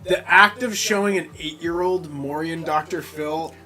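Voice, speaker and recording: A man's voice: fairly high pitch, moderate pace, pushed and bright, a little hiss or hum, low-quality recording. A man in casual podcast banter, wry and joking, often repeating lines for effect. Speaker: podcast co-host.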